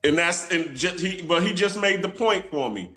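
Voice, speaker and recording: A man's voice: high-pitched, lively intonation, moderate pace, fairly bright tone, soft background music. A man in a casual chat, explaining a point at length.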